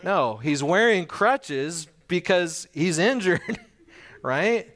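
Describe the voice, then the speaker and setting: A pastor with a high, fairly bright, expressive voice preaches conversationally, asking listeners questions and acting out little scenes with quick voice changes.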